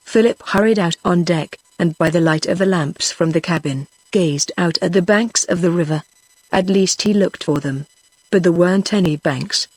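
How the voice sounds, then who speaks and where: A woman's voice: fairly low pitch, normal speed, dry recording. Synthetic British woman reading a storybook. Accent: British English. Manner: even machine-read narration. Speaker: audiobook narrator. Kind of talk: text-to-speech storybook reading.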